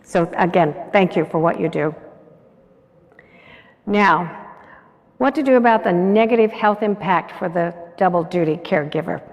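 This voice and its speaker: Gravelly-voiced woman speaking in an echoey hall. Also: on the low side, normal speed, long pauses, lo-fi sound. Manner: earnest, coaxing, asks the audience questions. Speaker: conference keynote speaker. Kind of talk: motivational conference talk. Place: large conference hall.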